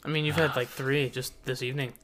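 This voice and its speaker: A man's voice: medium pitch, flat delivery, quick pace, crowd noise. A man co-hosting a comedy podcast, chiming in with dry reactions. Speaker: podcast co-host. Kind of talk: casual chat.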